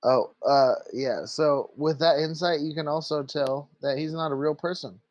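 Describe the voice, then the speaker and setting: A man's voice: a little high, fairly even intonation, moderate pace, a little mellow, dry recording, lo-fi sound. A man narrating as game master of a tabletop game, loose and full of fillers. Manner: loose, filler-heavy, laughing easily.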